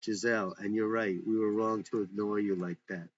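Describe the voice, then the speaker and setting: A man's voice: lowish voice, flat delivery, fairly quick, slight background noise, natural voice. A man reading the lines of a placating middle-aged mother, in a dull lo-fi recording.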